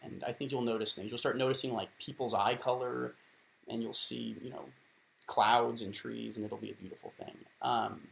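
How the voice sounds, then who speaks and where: A man's voice: mid-range voice, flat delivery, normal speed, gravelly, a bit bright. A man in his thirties giving casual advice to the camera, rambling and self-deprecating, full of fillers and restarts. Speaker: advice column host.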